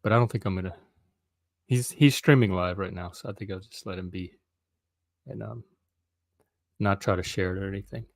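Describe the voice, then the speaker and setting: A middle-aged man chats loosely to his viewers, pausing often with ums as he thinks aloud. His voice sits low and is recorded close and dry, with no room sound around it. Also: creaky, no room sound. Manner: rambling, hesitant, lots of ums. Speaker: live stream host. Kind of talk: casual solo live stream chat.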